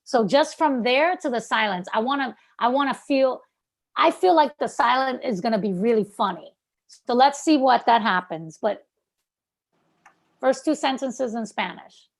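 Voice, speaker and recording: Animated, chatty woman with a Brooklyn accent. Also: on the high side, moderate pace, vocal fry. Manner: animated, chatty, many fillers like "like" and "um". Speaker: acting coach. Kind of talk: coaching feedback. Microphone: video call.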